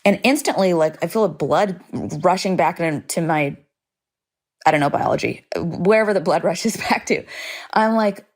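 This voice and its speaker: A woman's voice: on the low side, normal speed. A woman hosting a podcast, telling a personal story in a chatty, dramatic way, full of "like" fillers and casual swearing. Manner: vivid, dramatic retelling. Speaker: podcast host.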